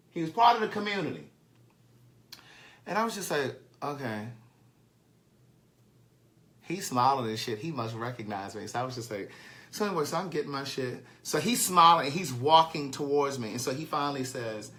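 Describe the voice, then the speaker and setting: A man tells a personal anecdote straight into the camera. His voice is bright and sits a little high. His delivery is loose and chatty, with swearing and easy laughter at his own expense. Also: animated, brisk. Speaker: author and live-streamer. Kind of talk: casual storytelling monologue.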